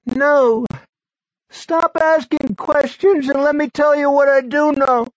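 A man voicing a feverish sick man with a hoarse, clotted voice, strained and urgent. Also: fairly even intonation, takes it slowly, no room sound, dull audio. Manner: high strained near-shouting.

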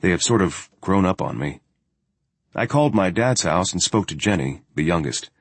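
A man reading a first-person journal story in a steady, matter-of-fact way. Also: low voice, moderate pace, husky, no room sound. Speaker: audiobook narrator.

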